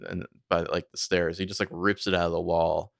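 A man with a very low, gravelly voice recaps a TV episode for a podcast. He narrates the scenes casually, full of fillers. The sound is dry and close. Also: fairly quick, no echo. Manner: conversational, filler-heavy, animated storytelling. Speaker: podcast co-host.

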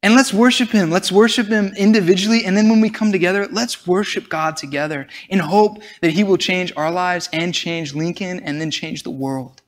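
A young man with a high voice preaches to a congregation. He speaks earnestly and with animation, stumbling and restarting his phrases as he goes. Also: moderate pace, hardly any pauses. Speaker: pastor. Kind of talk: sermon.

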